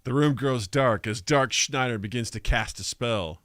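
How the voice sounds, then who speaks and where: A man's voice: mid-range voice, moderate pace, fairly bright tone, no room sound, clean studio sound. A man co-hosting a comedy podcast, narrating an anime parody with sarcastic asides and rambling jokes.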